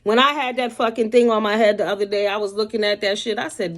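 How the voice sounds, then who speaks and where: A woman's voice: on the high side, expressive, a little fast, vocal fry. A woman, ranting bluntly to camera from home in a sassy, heavily profane commentary vlog. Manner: blunt, sassy, heavy cursing. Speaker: commentary vlogger.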